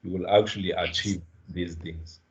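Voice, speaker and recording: A man's voice: deep voice, fairly even intonation, normal speed. A man from the Eastern Cape with a South African accent, leading an online class, checking in with students and often repeating words. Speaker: guest trainer. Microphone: video call. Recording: dull lo-fi video call audio.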